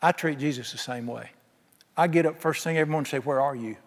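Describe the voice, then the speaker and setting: Folksy preacher in a reverberant hall. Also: male voice, fairly high pitch, fast. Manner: folksy storytelling, acts out quoted dialogue. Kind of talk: sermon.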